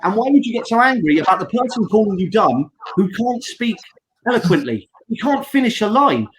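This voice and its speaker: A man's voice: sits high, very animated, brisk, slight background noise, low-quality recording. A man co-hosting a wrestling podcast, chatting casually and mocking quotes in put-on voices. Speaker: podcast co-host.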